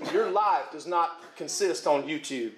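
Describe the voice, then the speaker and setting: A man preaching a sermon with fervour, rising to shouts at his peaks and chuckling between points. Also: high voice, roomy sound, slight background noise.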